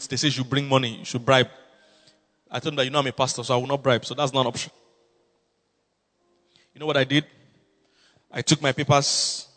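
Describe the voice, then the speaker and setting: Nigerian guy preaching fast, bright voice, big echoey hall. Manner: animated, swings between low asides and loud exclamations. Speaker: pastor. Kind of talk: sermon storytelling. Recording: long hall reverb.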